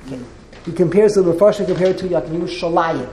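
A woman's voice: fairly low pitch, quick pace, warm tone, slight background noise. A woman teaching a text class, explaining as she goes and often repeating and restarting her words. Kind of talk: classroom lecture with questions. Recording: roomy echo.

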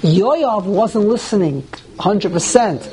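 Animated man teaching a Talmud class. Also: high-pitched, slow pace, slightly rough. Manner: animated, repeats words while thinking aloud; asks the class questions and answers himself. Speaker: Torah teacher. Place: classroom with students.

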